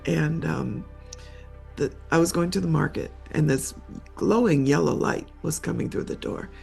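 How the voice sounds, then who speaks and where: An older woman, a memoir author and interview guest, telling a personal story in a halting way, repeating words as she gets tearful. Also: low voice, creaky, a little mellow, breathy edge, soft background music.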